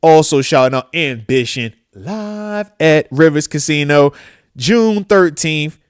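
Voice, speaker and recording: A man in his thirties hosting a live-stream talk show, talking in an animated, slangy way and often repeating phrases and giving shout-outs. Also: on the high side, slow, clean tone, no echo, studio quality. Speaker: show host, former football player.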